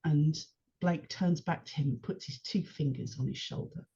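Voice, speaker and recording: A woman speaking as a podcast guest in casual chat, engaged and animated as she retells scenes. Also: sits low, normal speed, vocal fry, slightly rough. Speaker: podcast guest, longtime fan. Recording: dull lo-fi podcast audio.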